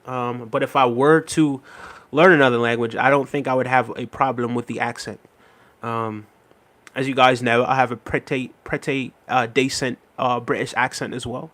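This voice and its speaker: A man hosting a live stream, reading viewer comments aloud and answering in a relaxed, chatty way with lots of "um" and "you know what I mean". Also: mid-range voice, normal speed. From Jamaica.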